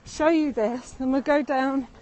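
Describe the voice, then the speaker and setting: A high-pitched woman chats her way through a walking tour outdoors, speaking into a handheld phone as she goes. She rambles, laughs often, and sounds slightly out of breath. Faint open-air ambience sits behind her voice. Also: fairly even intonation, measured pace, darkish tone, a little hiss or hum, poor audio. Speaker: tour guide. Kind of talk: live-streamed walking tour. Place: outdoors in a city meadow and gardens.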